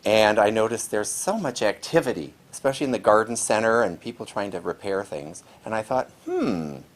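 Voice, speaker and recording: A man with a Midwestern American accent speaks to a small studio audience. His voice is low, and he explains things at length in a chatty way after a formal opening. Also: brisk. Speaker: table topics master. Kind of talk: meeting speech.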